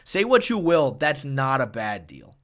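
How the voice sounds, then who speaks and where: A man's voice: medium pitch, a little slow, over music. A man hosting a casual live stream, reading chat messages and rambling animatedly with plenty of swearing. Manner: animated, rambling, swears often, reads chat donations aloud. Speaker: streamer and MMA analyst.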